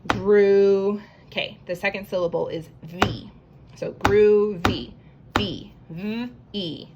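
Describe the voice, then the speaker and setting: A woman teaching a writing lesson to young children, slowly sounding out each word letter by letter. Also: medium pitch, a little hiss or hum. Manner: slow, stretched phonics sounding-out. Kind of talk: early-grade writing lesson, sounding out words.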